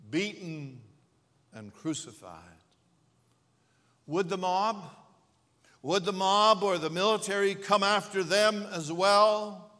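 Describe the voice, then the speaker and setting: A man preaching a sermon as pastor, speaking slowly and deliberately with dramatic pauses and swells. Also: high voice, bright, forceful tone, in a large hall.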